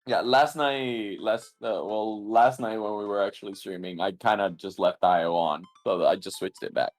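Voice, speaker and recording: A woman's voice: rumbling low, fairly even intonation, moderate pace, darkish tone, faint music behind. A woman in casual chat on a stream, teasing her friend and laughing along. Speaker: guest co-streamer.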